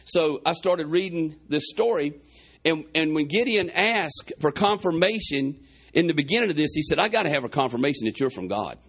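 A man's voice: fairly high pitch, expressive, normal speed, a bit bright, slightly rough. A man preaching a sermon, retelling a Bible story in a folksy way with quoted dialogue, his chest congested.

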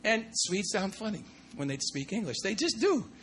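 A man preaching a sermon in a very high voice with a bright, forceful edge. He punctuates everything with cries of "come on" and "glory to God." He swings from loud bursts down to hushed asides. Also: huge pitch swings, moderate pace.

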